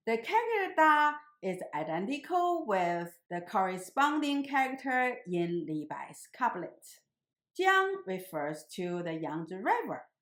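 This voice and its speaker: Slow, sing-song woman teacher. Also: mid-range voice, reverberant. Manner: slow, deliberate explaining. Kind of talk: lecture on classical poetry.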